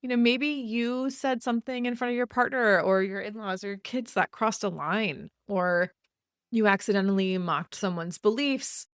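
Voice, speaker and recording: Woman podcast host, frank and chatty, laughs a lot, mid pitch, dry close mic. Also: moderate pace, clean tone, no room sound. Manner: frank, laughs often, acts out example apologies. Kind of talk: casual advice monologue.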